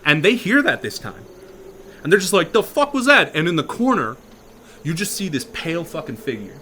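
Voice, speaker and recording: A man improvising a horror story in a casual, profane way, dropping to a hush and then getting loud. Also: fairly high pitch, very animated, moderate pace, a little hiss or hum. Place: virtual reality chat room.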